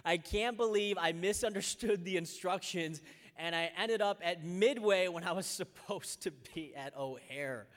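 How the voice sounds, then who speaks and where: A young man preaching a sermon as a pastor, telling stories with energy and slowing down to pray. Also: high-pitched. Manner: lively storytelling, slows down and softens in prayer. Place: church. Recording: long reverb of a large church hall.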